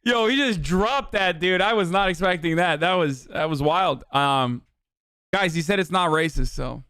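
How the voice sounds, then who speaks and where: A male streamer with a fairly high, smooth voice, recorded close and dry. He reacts to clips in a casual, blunt way, swearing freely and laughing with scorn. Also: fairly bright tone, no echo.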